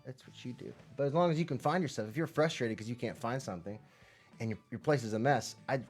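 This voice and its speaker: An upbeat man hosts a children's music lesson, speaking straight to the kids at home in a friendly, chatty way. His voice sits at an ordinary male pitch, and he swings from loud, excited lines to soft, near-whispered asides. Faint music plays behind him. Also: fast. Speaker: children's music teacher and host. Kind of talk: live-streamed kids music and movement lesson. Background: faint background music.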